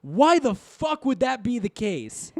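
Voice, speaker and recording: A young man co-hosting a casual movie review podcast, animated and swearing freely as he mocks scenes. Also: very high voice, slow, no echo, studio quality. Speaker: podcast co-host.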